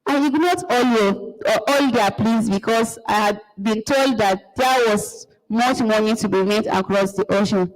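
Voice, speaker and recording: A woman reading a play aloud, voicing an aging father who speaks in measured proverbs. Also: a little high, natural voice. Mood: reflective. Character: aging father guarding a painful secret. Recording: long hall reverb.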